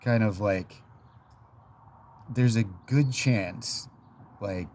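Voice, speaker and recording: Deep-voiced man telling a rambling story. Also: drawn-out words, darkish tone, a little hiss or hum. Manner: rambling, chatty, lots of fillers and laughs. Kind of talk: casual storytelling monologue.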